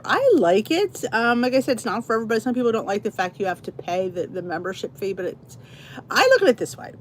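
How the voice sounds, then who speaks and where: A woman's voice: medium pitch, slight background noise. A middle-aged woman hosting a casual livestream chat, greeting viewers and reading their comments aloud. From New Jersey, US. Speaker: channel host.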